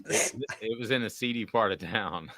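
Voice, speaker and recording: A man's voice: on the low side, normal speed, pushed and bright, no room sound. A man hosting a casual sports panel, telling corny puns and ribbing his co-hosts. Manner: jokey, tells corny bean puns. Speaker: sports show host.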